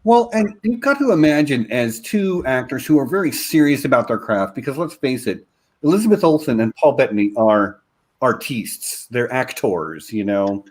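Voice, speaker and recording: A man in a casual fan discussion who makes his points in a measured, analytical way. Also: mid-range voice, expressive, darkish tone. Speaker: podcast panelist.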